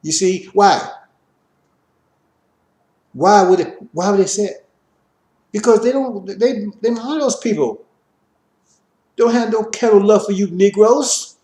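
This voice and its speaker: Man with a highish voice preaching hard, repeats himself a lot, roomy echo. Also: measured pace, pauses often. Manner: preachy, repetitive, rising to forceful emphasis. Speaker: religious teacher. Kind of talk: impassioned lecture.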